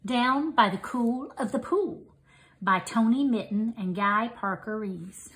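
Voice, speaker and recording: A woman reading a children's picture book aloud as storyteller, in an expressive sing-song way. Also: a little high, takes it slowly.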